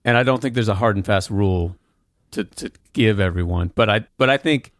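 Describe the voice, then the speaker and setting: A man hosts a casual podcast chat with a lowish voice. He works through his thoughts with small restarts. The sound is dry and close, with no room echo. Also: a little fast. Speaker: podcast host.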